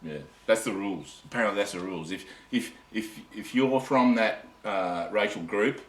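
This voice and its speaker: Australian man, very deep voice, casual rambling vlog chat, tired, roomy echo. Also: normal speed. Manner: rambling, self-interrupting, chatty. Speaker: camping vlogger. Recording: echoey and distant with faint ambient noise.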